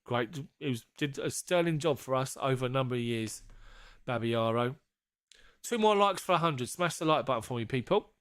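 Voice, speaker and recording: Man, live-stream host, jokey and chatty, laughs a lot, casual swearing, mid-pitched voice, dry close sound. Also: expressive, moderate pace, a bit bright, clear, resonant tone, no echo.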